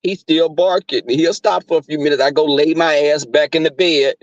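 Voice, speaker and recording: A live streamer at his workplace shares crude stories with viewers, cursing and laughing often in an animated way. He speaks at a moderate pace in a slightly high voice. The sound is dry and dull.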